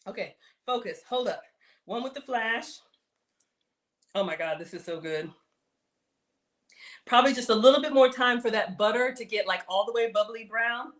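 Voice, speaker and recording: A woman's voice: fairly high pitch, normal speed, long pauses, a bit bright. A woman chatting casually while hosting a live cooking stream, reading viewer comments aloud and laughing often. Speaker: livestream cooking host.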